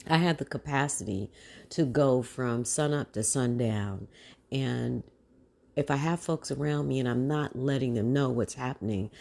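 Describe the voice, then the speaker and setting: A woman podcast host and mindfulness coach, guiding listeners through a slow breathing practice in a calm, unhurried way, with a casual "y'all" now and then. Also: a bass voice, gravelly. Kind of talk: guided breathing meditation.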